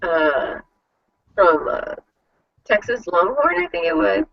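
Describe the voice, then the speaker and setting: A woman hosting an online panel show, telling stories in a chatty, animated way full of "like". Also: fairly high pitch, takes it slowly, creaky, distant mic, lo-fi sound, slight background noise. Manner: chatty, animated storytelling with lots of "like". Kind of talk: casual chat.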